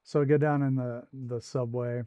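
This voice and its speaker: Mellow-voiced man telling a rambling story. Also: mid-range voice, flat delivery, moderate pace, clean tone, no echo, lo-fi sound. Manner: rambling anecdote with asides. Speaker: livestream host. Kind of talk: casual storytelling while gaming.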